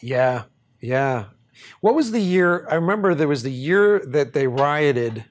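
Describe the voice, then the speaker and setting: A podcast host with a fairly high voice tells a story at a measured pace, casual, animated and profane, laughing often along the way.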